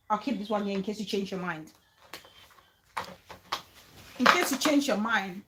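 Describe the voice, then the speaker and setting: A woman hosting a casual commentary vlog, animated and emphatic, who repeats her key phrases and turns soft and coaxing when she speaks to her child. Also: medium pitch, moderate pace, pauses often, slight background noise. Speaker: vlogger and show host.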